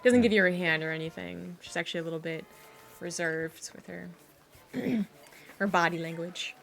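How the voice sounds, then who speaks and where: Woman game master, low pitch, gravelly, relaxed, laughs a lot. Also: normal speed, soft background music. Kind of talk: narrating a tabletop game.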